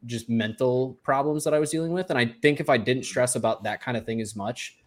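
Brief: male co-host, mid-pitched, open and reflective, loose conversational delivery. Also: fairly quick. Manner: candid, rambling reflection. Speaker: podcast co-host. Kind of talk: casual chat.

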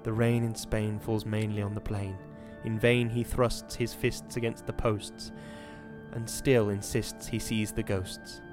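Scared little boy, as a guy reads him, hoarse hushed whisper, low-ish voice. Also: little pitch movement, unhurried, over music, lightly acted. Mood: frightened. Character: frightened young boy fighting a vampire.

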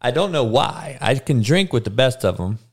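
A hungover man hosting a casual live stream, reading chat with slow, monotone, profane and blunt talk. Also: mid-range voice, creaky, breathy edge. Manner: crude, blunt trash talk with frequent swearing. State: hungover, sluggish.

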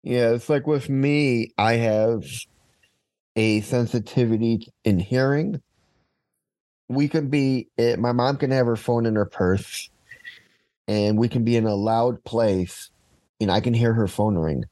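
A man's voice: medium pitch, unhurried, mellow, no room sound. A man hosting a podcast, telling a personal story step by step in casual conversation. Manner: storytelling, narrates events step by step. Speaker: podcast host.

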